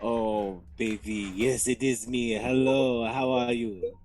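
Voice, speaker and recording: A man's voice: medium pitch, fairly even intonation, takes it slowly, a little mellow. A man in a tabletop game speaking as his rogue character, playful and swinging between gushing and dry remarks. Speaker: player voicing a rogue character.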